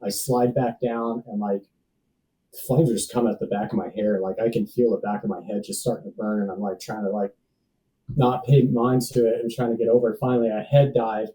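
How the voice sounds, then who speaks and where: A man's voice: on the low side, dark tone, distant mic, poor audio. A man in his thirties telling a personal story as a podcast guest, casual and slangy, calling people dude and bro. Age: 30s. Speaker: podcast guest, safety professional.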